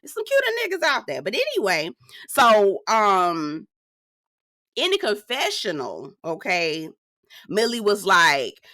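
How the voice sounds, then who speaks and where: Sassy woman recapping a show, bright tense voice, keeps saying girl, dry close sound. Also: no room sound. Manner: sassy, chatty, calls the viewer "girl"; animated, swinging up high for emphasis. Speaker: reality TV reviewer. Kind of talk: casual recap commentary.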